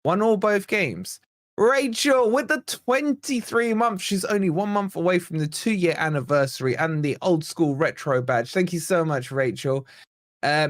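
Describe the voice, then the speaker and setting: An English man hosts a live football fan stream, reading viewer comments aloud in a chatty, excitable way during a watch-along. His voice is a little high and his pace normal. The recording is dry, with clean studio sound.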